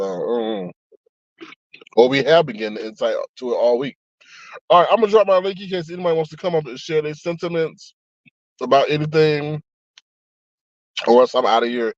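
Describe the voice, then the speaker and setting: A man's voice: mid-range voice, dry recording, highs cut off. Chatty man hosting a live stream. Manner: chatty, reads comments aloud, frequent laughs and asides. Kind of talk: casual live-stream chat.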